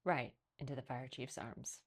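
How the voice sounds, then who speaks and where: A woman's voice: moderate pace, husky. A woman reading a picture book aloud as a children's librarian, telling the story expressively. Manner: expressive storytelling, lively pitch.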